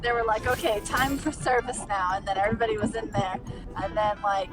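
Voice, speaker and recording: A woman's voice: fairly high pitch, steady tone, a little fast, far from the mic. A young woman in casual chat with friends, swearing casually and laughing through her stories. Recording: off-mic voice with clear music behind.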